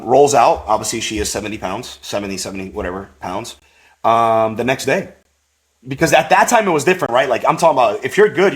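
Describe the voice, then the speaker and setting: Animated man telling a faith story. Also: mid-range voice. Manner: rambling, full of "like" and "you know"; animated, acts out quoted voices. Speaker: podcast guest. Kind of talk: personal testimony storytelling.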